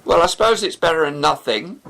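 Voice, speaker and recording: A man puts on a young woman with a high, tart voice. She is sarcastic and hard to impress. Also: animated, brisk, gravelly, a bit bright. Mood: exasperated. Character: young woman, sharp and unimpressed.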